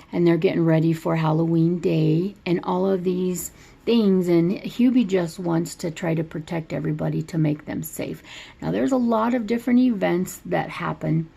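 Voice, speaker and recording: Gravelly-voiced woman rambling through a story. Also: low voice, warm tone. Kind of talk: casual movie plot retelling.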